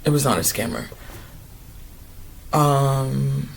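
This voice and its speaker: A man of Ghanaian heritage chatting casually and excitably in a vlog, wandering from topic to topic. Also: mid-range voice, slow, creaky, slight background noise. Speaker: vlogger.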